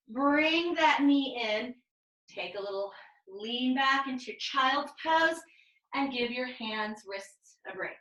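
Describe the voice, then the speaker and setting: Bright, slow-paced woman pilates instructor. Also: sits high, reverberant, highs cut off. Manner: calm counting cues, drawn-out instructions. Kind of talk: guided exercise class cues. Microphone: video call.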